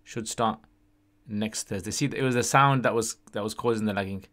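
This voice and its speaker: A man's voice: on the low side, normal speed, a bit bright. A man hosting a casual livestream Q&A, chatty and often tagging his sentences with "yeah?". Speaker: livestream host answering questions.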